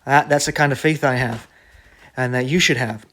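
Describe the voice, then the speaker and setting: A man's voice: medium pitch, steady tone, normal speed, fairly bright tone. A man preaching casually to camera in a blunt, argumentative way, often checking in with "right?". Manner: conversational, keeps asking "right?".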